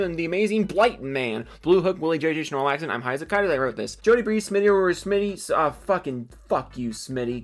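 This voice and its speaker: Fast-talking young man reading off names. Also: medium pitch. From Seattle area, USA. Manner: rattles off names quickly, swears and jokes at himself. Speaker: YouTuber reading supporter names. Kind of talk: rapid-fire name reading with comedic asides.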